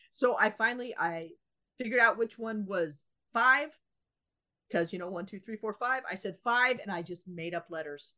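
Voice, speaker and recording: A woman's voice: medium pitch, normal speed. A woman co-hosting a podcast, telling a story in casual chat and acting out both sides of the exchange. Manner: animated anecdote teller, acting out both sides of a dialogue. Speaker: podcast co-host.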